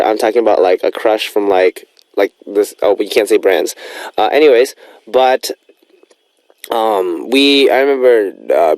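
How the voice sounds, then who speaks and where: A man's voice: fairly low pitch, a little mellow, no echo. A young man hosting a radio show in a studio, chatting casually and rambling with lots of fillers.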